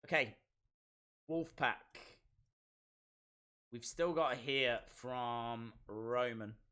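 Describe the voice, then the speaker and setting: A man hosting a live stream, reacting to a wrestling show in excitable, chatty, self-mocking commentary. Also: medium pitch, very slow, clear, resonant tone.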